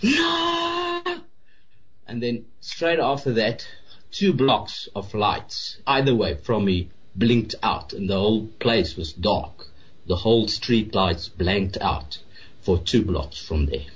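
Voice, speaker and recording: A man's voice: lowish voice, takes it slowly. A man calling in to a radio show and earnestly telling his story. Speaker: caller. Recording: husky dull lo-fi line.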